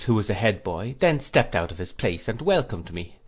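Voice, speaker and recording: Man, fairly low voice, measured storytelling, audiobook narration. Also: sing-song, breathy edge. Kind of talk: scripted narration.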